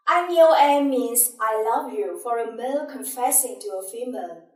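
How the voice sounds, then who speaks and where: A woman teacher with a Vietnamese accent, slowly explaining and demonstrating tones syllable by syllable. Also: fairly high pitch, animated. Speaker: language teacher. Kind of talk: slow, deliberate language lesson. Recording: echoey room, a bit far from mic.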